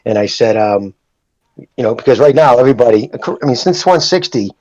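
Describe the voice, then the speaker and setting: A man's voice: medium pitch, lively intonation, brisk, dark tone, no echo, lo-fi sound. A man joining a casual podcast who rants and swears freely. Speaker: podcast guest. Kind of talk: casual boxing podcast chat.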